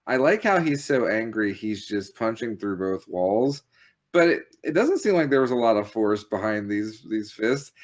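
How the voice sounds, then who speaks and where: A man's voice: lowish voice, lively intonation, normal speed. A man co-hosting a casual chat about retro games, jokey and riffing on silly details. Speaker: podcast co-host.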